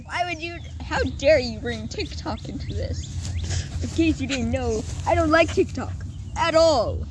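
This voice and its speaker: A woman's voice: high voice, lively intonation, unhurried. A woman chatting casually as co-host, playful and teasing, joking between the dogs and her friend. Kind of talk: casual chat. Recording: noisy background.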